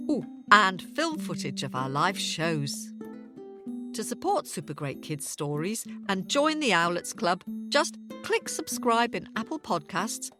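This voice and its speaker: A woman hosting a children's story podcast, talking playfully and directly to young listeners. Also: mid-range voice. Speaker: podcast host.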